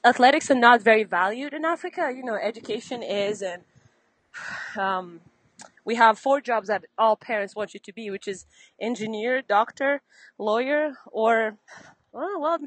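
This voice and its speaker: A young woman tennis coach from Benin speaks at an ordinary middle pitch, slightly out of breath. She tells her stories in a lively way and laughs often. The sound is dry and close. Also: no room sound, poor audio. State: a little out of breath. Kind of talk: casual interview chat.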